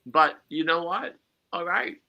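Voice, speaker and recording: Male podcast host, rambling casual chat, unhurried delivery, very bright tone. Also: a little high, lively intonation, lo-fi sound. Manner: rambling, chuckling asides. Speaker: podcast host and psychic medium.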